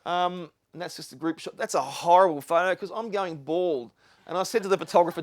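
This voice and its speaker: Middle-aged Australian bloke, earnest and rambling, slightly high voice, dry close recording. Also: male voice, fairly quick, no echo. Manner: earnest, rambling with restarts and asides. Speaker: speaker. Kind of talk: live talk to an audience. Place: lecture venue with live audience.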